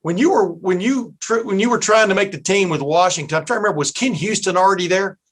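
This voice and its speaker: A man's voice: sits high, quick pace, fairly bright tone. A man from East Texas hosting a podcast, chatting loosely with asides and fillers as he sets up his guest's stories. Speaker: podcast host. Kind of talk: casual podcast interview.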